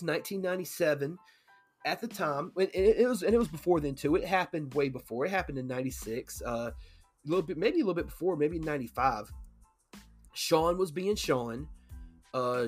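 A man co-hosting a casual podcast, talking loosely, swearing and acting out quoted lines. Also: on the high side. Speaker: podcast co-host.

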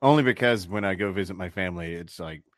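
A man's voice: sits low, quick pace, no room sound. Profane Southern man on a dry mic. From American South. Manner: profane, jokey, mimics accents. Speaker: podcast co-host. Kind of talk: casual podcast chat.

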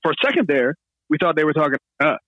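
A man hosting a podcast, telling a story in a casual, animated way and acting out what others said. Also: on the high side, rapid-fire, no echo, phone-quality sound. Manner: animated, laughing storyteller, acts out quotes. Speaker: podcast host.

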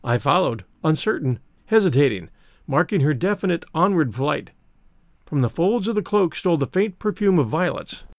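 Expressive male audiobook narrator. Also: a little high, moderate pace, no room sound, studio quality. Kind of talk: first-person novel narration.

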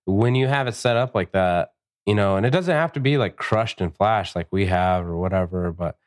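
Man, tattoo artist, casual podcast talk, swears a lot, animated stories. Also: sits low, moderate pace. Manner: profane, animated storytelling.

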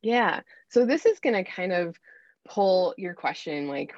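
A woman's voice: fairly low pitch, lively intonation, unhurried, darkish tone, no echo, highs cut off. A middle-aged woman talking earnestly as a faith-based parenting coach in a casual podcast interview.

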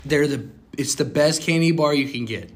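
A young man co-hosting a casual chat, animated and prone to sudden loud outbursts. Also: on the high side, normal speed, a little hiss or hum. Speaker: co-host.

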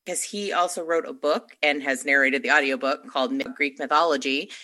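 A woman chatting on a podcast panel, her voice low-pitched yet bright. She explains her choice at length, chatty and a bit crude in a playful way. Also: a little fast. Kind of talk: casual fan-casting chat.

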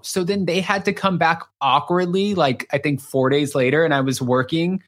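A man's voice: a little high, fairly even intonation, normal speed, few pauses, fairly bright tone. A man hosting a podcast, telling gossipy stories in casual chat and acting out quotes along the way. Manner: gossipy storyteller, acts out quotes. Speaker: podcast host.

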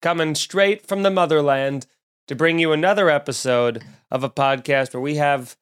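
Man, Long Island accent, podcast host, fairly high voice, joking rambling rants. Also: normal speed, fairly bright tone, smooth. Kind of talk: casual comedic podcast chat.

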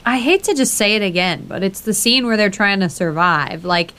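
A woman's voice: mid-range voice, expressive, moderate pace, sharp tone, clean tone. A woman co-hosting a casual book discussion, speaking with emphasis and enthusiasm. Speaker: podcast co-host.

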